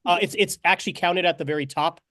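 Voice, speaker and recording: A man's voice: high voice, quick pace, sharp tone, no echo, studio quality. A man helping run a committee meeting, speaking hesitantly and apologizing often. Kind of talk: running a meeting.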